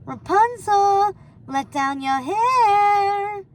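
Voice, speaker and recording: A woman's voice: very high voice, lively intonation, recorded from a distance, voice pushed up, full character voice. A woman voicing a scheming, theatrical witch mother who stretches her words out in a sing-song way. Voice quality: drawn-out sing-song delivery.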